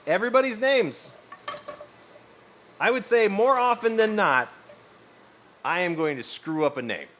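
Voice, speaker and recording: Animated, rambling young streamer guy. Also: high-pitched, measured pace, long pauses. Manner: rambling, animated, swears freely. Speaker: livestreamer. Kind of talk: casual livestream chat.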